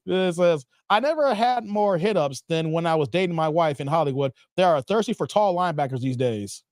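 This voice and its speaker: A man's voice: on the high side, no echo, studio quality. A man hosting a livestream, reading chat comments aloud in casual slangy banter and laughing often.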